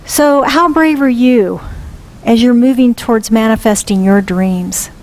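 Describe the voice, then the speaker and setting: A woman's voice: on the high side, unhurried, darkish tone, rough recording. A woman minister giving a sermon, asking earnest questions and repeating them for emphasis. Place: church sanctuary.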